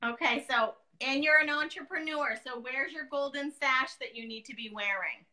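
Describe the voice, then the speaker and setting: High bright joking woman in her thirties. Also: normal speed, low-quality recording. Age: 30s. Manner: joking, chatty storyteller. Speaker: guest painter. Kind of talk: casual live demo chat.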